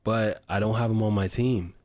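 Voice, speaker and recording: A man's voice: on the low side, fairly even intonation, moderate pace, darkish tone. A man co-hosting a podcast, rambling casually with frequent fillers. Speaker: podcast co-host. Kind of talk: casual fantasy football chat.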